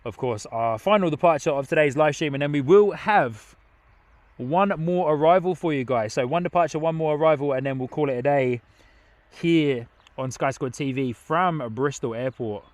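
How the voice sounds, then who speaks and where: Speaking at a normal speed in a slightly high voice, a young man casually hosts a live stream from an outdoor airport viewing area. He often laughs while reading viewer comments out loud, and the recording is dry.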